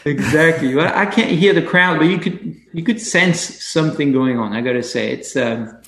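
A man's voice: fairly high pitch, a bit bright. Enthusiastic man in an echoey room. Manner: enthusiastic, halting restarts. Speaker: racing driver guest. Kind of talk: casual interview chat.

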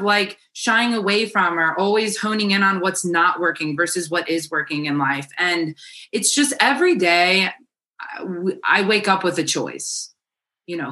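Guest spot: a forceful, low-pitched woman coach, blunt and encouraging. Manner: emphatic, encouraging, blunt with casual swearing. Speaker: faith-based life coach guest. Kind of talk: casual podcast conversation.

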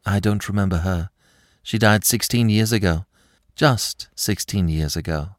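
A man's voice: low-pitched, measured pace, dry recording, studio quality. Man doing a frightened young French lady. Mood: fearful. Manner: anxious, breathless pleading. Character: frightened young French woman, about twenty.

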